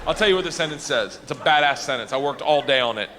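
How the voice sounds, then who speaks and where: A man telling an animated, rowdy stand-up story before a live audience, breaking into laughter and shouts. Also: on the high side, quick pace, crowd noise. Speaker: stand-up comedian. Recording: long hall reverb with faint noise.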